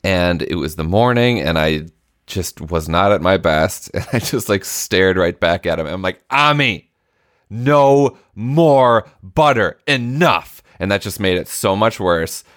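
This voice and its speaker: Man, very low voice, dry close sound, casual chat, stumbling restarts. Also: normal speed, no echo. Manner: storytelling with frequent restarts and self-deprecation. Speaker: podcast co-host.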